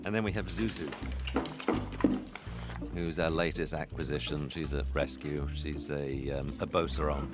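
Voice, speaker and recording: A man, a veterinarian and dog trainer, answering interview questions in a blunt, animated way. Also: extremely low pitch, measured pace, long pauses, loud music behind the voice. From England.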